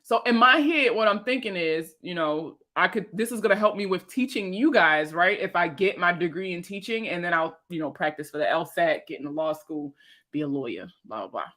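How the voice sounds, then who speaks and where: A woman chats casually on a livestream, rambling from topic to topic. She swears freely and laughs easily, and her voice is bright and forceful. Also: lowish voice, expressive, a little fast. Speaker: personal finance creator and veteran.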